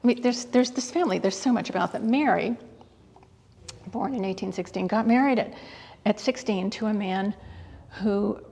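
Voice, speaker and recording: Interviewed in an exhibit hall, a guest curator speaks with a gravelly, breathy voice of medium pitch and darkish tone. She's eager but halting, restarting sentences and filling pauses with "um". A long reverb from the hall trails her words.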